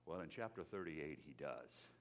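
A middle-aged man, a pastor, preaching a sermon in a lively, emphatic way, often restarting his sentences. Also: very deep voice, moderate pace. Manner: lively, emphatic, with frequent restarts and dramatic drops to a whisper.

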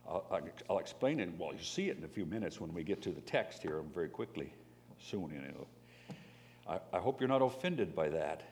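A man preaching a sermon, animated, who swings into loud emphatic bursts when acting out pleas and reading scripture. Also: low voice, brisk. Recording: long hall reverb, faint hum.

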